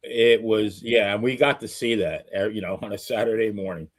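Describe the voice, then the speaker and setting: A man's voice: on the low side, fairly even intonation, moderate pace. A man co-hosting a chat show, chiming in with hesitant remarks. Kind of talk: casual chat.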